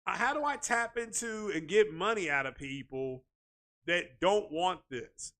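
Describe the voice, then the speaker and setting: A man with a high, bright and forceful voice rants through casual tech commentary. He talks in an animated, repetitive way and keeps coming back to "you know" as a filler. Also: a little slow. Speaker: tech video host.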